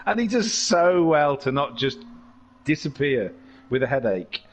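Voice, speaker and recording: A man's voice: on the high side, unhurried, a little hiss or hum. A man giving jokey, rambling live commentary on a sim race. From England. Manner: excitable, jokey, tangent-prone.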